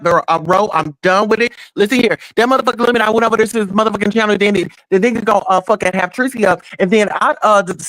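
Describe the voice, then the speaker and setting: A man speaks loudly and bluntly, full of profanity, repeating himself as he rants. His sound is dry and close to the mic. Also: high-pitched, no room sound, rough recording. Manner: loud, blunt and profane, ranting quickly with repeated words. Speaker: panel regular. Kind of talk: heated casual chat.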